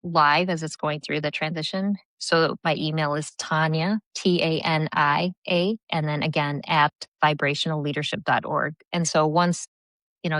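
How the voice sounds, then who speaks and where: A woman's voice: low-pitched, fairly bright tone, no room sound, low-quality recording. A woman leadership coach in a remote podcast interview, telling stories earnestly with many fillers and restarts. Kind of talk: podcast interview, reflective storytelling.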